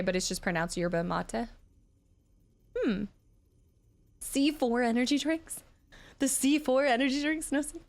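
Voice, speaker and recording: Woman, game streamer, casual chat, answers viewers, middle pitch. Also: vocal fry. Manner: chatty, reads and answers chat, animated. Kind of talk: casual live-stream chat while gaming.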